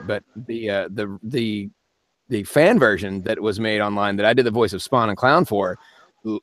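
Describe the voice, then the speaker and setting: With a lowish voice and no echo in the recording, a man runs a live-stream Q&A as a voice actor. He responds to viewer comments in a casual, rambling chat full of frequent laughs.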